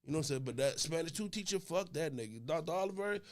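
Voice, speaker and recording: A man's voice: a little high, animated, fast. A man co-hosting a podcast, chatting loosely and profanely, repeating himself. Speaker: podcast co-host. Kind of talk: casual chat.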